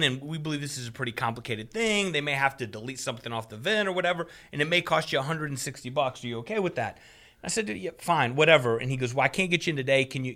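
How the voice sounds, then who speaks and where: A man casually retelling a frustrating story, animated and profane, laughing as he goes. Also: medium pitch. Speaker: storyteller on a talk show. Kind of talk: casual chat.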